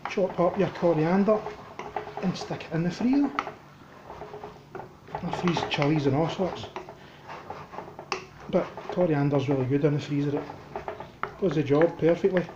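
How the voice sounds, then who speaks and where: A man with a Scottish accent chatting casually as he cooks in his home kitchen, thinking aloud in a relaxed way. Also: fairly high pitch, a little slow, long pauses, reverberant, highs cut off, background noise. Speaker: cooking vlogger. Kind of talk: casual cooking commentary.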